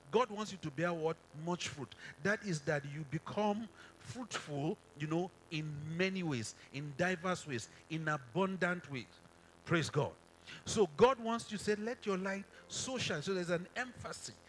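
A man's voice: on the high side, fairly bright tone, a little hiss or hum. Man preaching with call-and-response. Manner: call-and-response, often asks the crowd to finish verses; repeats and restarts phrases for emphasis. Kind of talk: sermon. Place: stage in a hall.

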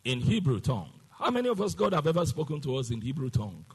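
Man, preacher, husky gravelly voice, call-and-response, long hall reverb. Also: mid-range voice, big pitch swings, quick pace. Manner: emphatic call-and-response, half-sung exclamations. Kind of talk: sermon.

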